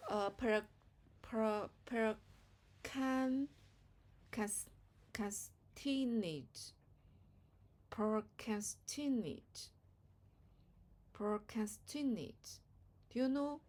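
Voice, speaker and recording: A woman's voice: a little high, drawn-out words, long pauses, darkish tone. A woman whose first language is Chinese, practicing English words hesitantly and repeating them to check pronunciation. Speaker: English learner. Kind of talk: vocabulary practice.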